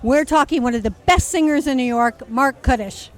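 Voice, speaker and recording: A woman interviewing guests on a gala red carpet, her voice high-pitched. She talks with gushing enthusiasm, introducing each guest with excitement. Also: moderate pace, poor audio.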